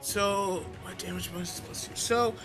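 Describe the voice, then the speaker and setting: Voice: mid-range voice, normal speed, over music. A player in a tabletop game describing moves, giggly and playful. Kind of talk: casual tabletop play.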